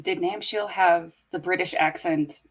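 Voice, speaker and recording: A woman's voice: on the low side, a little slow. A woman on a casual fan podcast, posing playful speculative questions. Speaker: podcast co-host.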